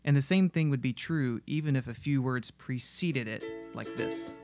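A man giving scripted narration that explains music in an analytical, steady way. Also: medium pitch, normal speed, dry recording. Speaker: music video essayist.

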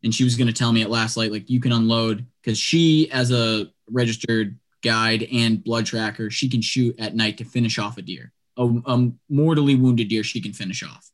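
A man telling a long story in casual chat, animated and acting out what people said, with lots of "like" and quick restarts. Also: medium pitch. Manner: animated, acts out quotes, lots of "like".

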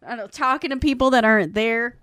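Speaking fast in a clear, resonant voice on the higher side, a woman co-hosting a laid-back podcast walks through a show scene by scene. She's animated, performing the characters' lines as quotes, captured in a dry, studio-quality recording.

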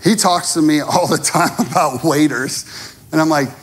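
A man preaching from the pulpit with music playing clearly under his words. His voice sits fairly high for a man, and he tells lively stories, acting out each person's lines. He drops to a hush and then builds to an intense climax. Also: normal speed. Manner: animated storytelling, acting out dialogue; swings from hushed to rising intensity. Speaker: pastor. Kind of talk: sermon.

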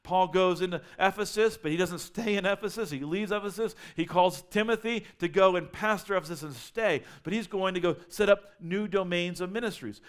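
A male pastor delivering a sermon in a fairly high voice. He speaks earnestly, doubling back on words and restarting phrases as he builds his points. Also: fairly quick, few pauses, smooth.

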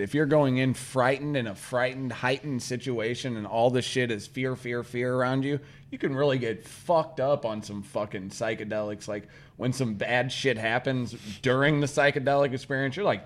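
A man's voice: mid-range voice, normal speed, hardly any pauses. A man co-hosting a podcast in casual chat, swearing freely and laughing often. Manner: loose, profane, laughs often. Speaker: podcast co-host.

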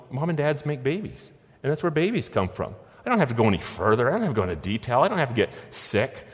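Man preaching in a reverberant hall. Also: mid-range voice. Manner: conversational, anecdotal, with frequent restarts and chuckles. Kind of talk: sermon.

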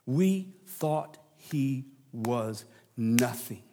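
A man preaching a sermon, dropping into low hushes and rising into emphatic lines, with jokey asides to the congregation. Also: expressive, drawn-out words. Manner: dramatic drops to a low hush, then rising emphasis. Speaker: pastor.

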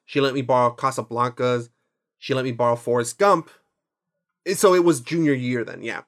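A man's voice: medium pitch, normal speed. A man co-hosting a movie podcast in casual chat, rambling, playful and self-mocking. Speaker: podcast co-host.

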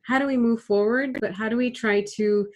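A woman's voice: a little high, fairly even intonation, a little fast, a little hiss or hum. A woman from Canada hosting a podcast over a remote call, talking things through thoughtfully with many fillers and asides. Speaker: podcast host. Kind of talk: casual conversation.

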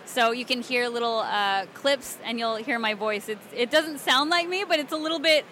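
A young woman from Alabama, a cosplayer and voice actress, chatting excitedly and giggling through a convention interview. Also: on the high side, normal speed, a little hiss or hum. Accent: Southern American. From Alabama, USA. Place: convention floor.

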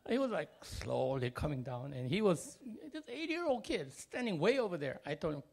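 Gravelly, high-pitched man. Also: fairly quick, hardly any pauses. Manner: expressive, jumps between loud and quiet, frequent fillers. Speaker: speaker telling a family story. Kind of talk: animated personal storytelling.

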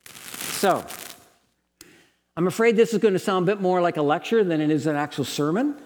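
A man's voice: sits high, normal speed, long reverb tail, slight background noise. A man preaching a sermon at a Bible college in an earnest, lecturing tone that rises into passionate pleading.

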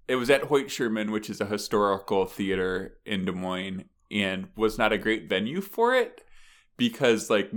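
A man co-hosting a podcast, telling an animated story in casual chat, laughing often and acting out the people in it. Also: fairly low pitch. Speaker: podcast co-host.

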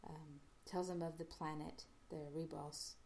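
A woman casually retelling an episode's plot as a podcast host, halting often with fillers and restarts. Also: sits low, level tone, creaky, darkish tone, a little hiss or hum.

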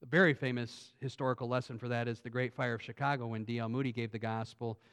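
A pastor preaching an earnest sermon that builds to emphatic points. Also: male voice, medium pitch, fairly even intonation, quick pace, a bit bright, clean tone. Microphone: phone on pulpit.

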